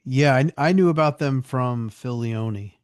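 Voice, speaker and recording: A man's voice: mid-range voice, measured pace, clear, resonant tone, no room sound. A man with an ordinary mid-range voice chats loosely on a podcast. His sentences wander and fill up with little verbal fillers. The recording is dry and close-miked. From United States. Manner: loose, rambling talk full of "like" and "you know". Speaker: podcast co-host. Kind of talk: casual chat.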